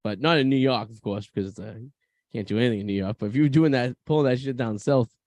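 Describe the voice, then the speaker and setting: A man co-hosting a podcast who chimes in with quick, joking asides and casual profanity. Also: mid-range voice, darkish tone, dry recording. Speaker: podcast co-host. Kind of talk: casual chat.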